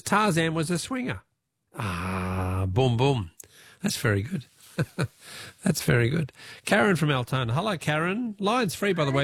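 A man's voice: medium pitch, fairly bright tone, no echo. An Australian man hosting a talkback radio quiz, chatty and chuckling as he reads out listener texts.

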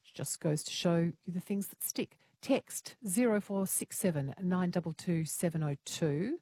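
A woman's voice: lowish voice, expressive, normal speed, mellow, husky, no room sound. An Australian woman hosting a talkback radio quiz, playful, teasing and chatty with callers.

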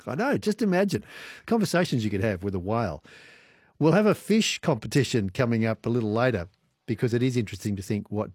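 A man's voice: mid-range voice, darkish tone, slightly rough, dry recording, studio quality. A man with an Australian accent hosting an evening radio show, chatty and playful, laughing easily. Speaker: radio host. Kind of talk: casual radio chat. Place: radio studio.

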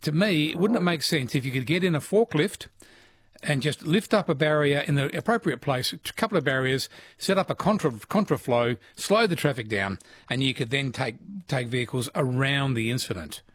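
Chatty Australian radio host, husky. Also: male voice, medium pitch, animated. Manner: chatty, quick, laughs often. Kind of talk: talkback radio chat. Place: radio studio.

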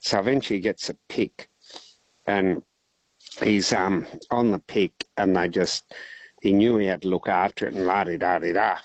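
An Australian man calling in to a radio show, telling a long joke in a relaxed, rambling way. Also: deep voice, moderate pace, dry recording, poor audio. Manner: rambling, relaxed yarn-spinning. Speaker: caller, teacher. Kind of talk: casual phone-in storytelling.

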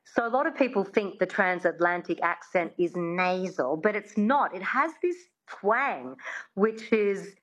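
A woman, a dialect coach explaining in an interview and demonstrating sounds slowly and precisely. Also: lowish voice, low-quality recording. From Australia. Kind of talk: conversational interview, teaching.

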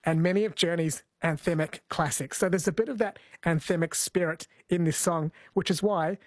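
A man's voice: on the high side, moderate pace, no room sound. A man hosting a music segment, explaining history in an enthusiastic way. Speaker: host. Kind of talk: presenting a music show segment.

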